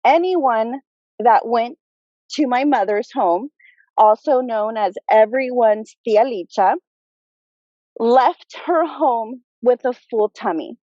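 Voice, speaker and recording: A woman giving an emotional memorial tribute from a graveside on a video call, pausing and choking up as she speaks. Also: on the high side, warm tone, dry recording, dull audio. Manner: slow, choked-up, pausing. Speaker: family member giving a tribute. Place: outdoors at a cemetery graveside.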